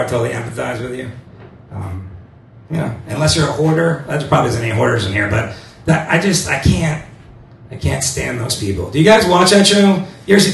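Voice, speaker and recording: A male stand-up comedian with a crude, self-mocking manner and a voice going hoarse, swearing often on a club stage. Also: medium pitch, roomy sound, recorded from a distance, slight background noise. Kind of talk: stand-up set.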